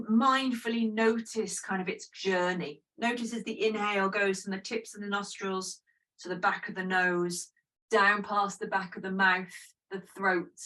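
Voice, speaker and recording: A woman guiding a yoga breathing practice in a gentle, chatty, self-deprecating way. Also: medium pitch, far from the mic, rough recording. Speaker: yoga teacher. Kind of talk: guided breathing instruction.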